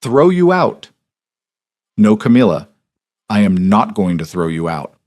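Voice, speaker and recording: A man voicing a composed young duchess who speaks low, even and cold in a storybook reading. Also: measured pace.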